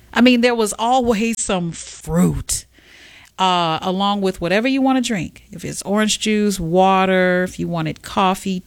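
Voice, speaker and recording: Woman co-host, chatty storyteller, low voice, dry close sound. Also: gravelly, dry recording. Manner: animated storyteller, acts out quotes. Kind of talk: casual chat.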